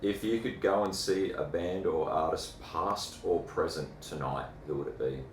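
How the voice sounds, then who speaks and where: A man interviewing a guest with brisk, matter-of-fact rapid-fire questions. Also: low voice, slight background noise. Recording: echoey room.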